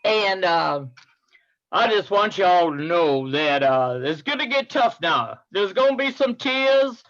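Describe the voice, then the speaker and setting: A woman voicing a gruff Southern man giving a drawling pep talk to his team. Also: medium pitch, lively intonation, slow pace, dry recording, voice pushed down. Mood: rallying. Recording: muffled video-call audio.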